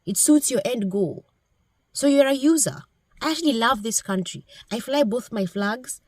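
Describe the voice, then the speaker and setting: A woman's voice: a little high, expressive, normal speed, darkish tone, dry recording. A woman from Kenya, giving blunt, scolding political commentary straight to camera.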